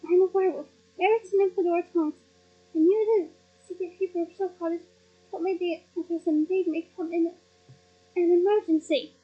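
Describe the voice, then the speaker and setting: A woman's voice: very high voice, fairly even intonation, moderate pace, highs cut off. A woman voicing a middle-aged male wizard and new father who exclaims, breathless with happiness. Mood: urgent.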